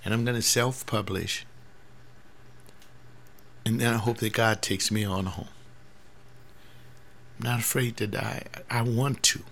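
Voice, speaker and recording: Older pastor in his seventies, gravelly and low-pitched, earnest and rambling. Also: fairly even intonation, measured pace, long pauses, a bit bright. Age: 70s. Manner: earnest, rambling, repeats words and restarts. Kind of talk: personal spoken monologue.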